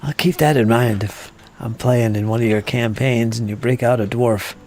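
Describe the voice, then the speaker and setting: A man's voice: mid-range voice, fairly even intonation, moderate pace, a little mellow, slight background noise. A man hosting a casual hobby live stream, muttering to himself as he works on terrain and reading viewer comments aloud. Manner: chatty, muttering to himself while working, reading chat aloud. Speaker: hobby channel host.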